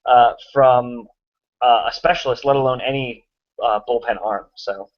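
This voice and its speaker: A man's voice: mid-range voice, fairly even intonation, moderate pace, lo-fi sound. A man co-hosting a casual sports podcast over a remote call, joking and full of fillers. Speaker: podcast co-host.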